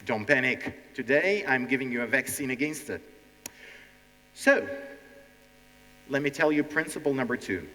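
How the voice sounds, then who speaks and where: This Ukrainian-accented man has a medium-pitched, expressive voice that sounds pushed and bright, speaking at normal speed with long pauses. As language teacher and show host, he gives a stand-up style lesson directly to a live audience, acting out nervous learners, with hall reverb audible.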